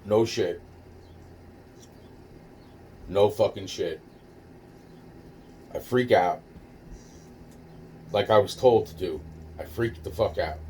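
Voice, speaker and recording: A man's voice: fairly low pitch, slow pace, long pauses, a little mellow. A man casually telling a personal story, rambling and profane, with many restarts and fillers. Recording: distant mic with faint noise.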